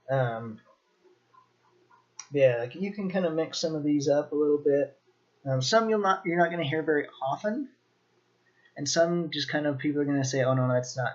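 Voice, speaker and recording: A man teaching a casual video lesson takes his time, speaking slowly and filling pauses with ums and restarts. His voice sits at an average pitch, and the recording sounds a little dull and lo-fi. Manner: relaxed, lots of ums and restarts. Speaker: language teacher.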